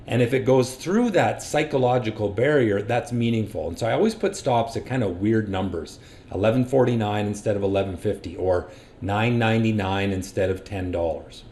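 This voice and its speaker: A man with a fairly low, darkish voice gives a stock trading lesson over his screen recording. Running an education channel, he covers risk and stop losses in a straightforward, practical way.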